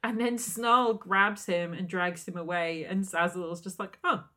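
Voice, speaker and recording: A woman chatting casually as a podcast co-host, adding relaxed comments while recapping a stage musical. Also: lowish voice, unhurried. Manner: relaxed, adds short agreeing comments.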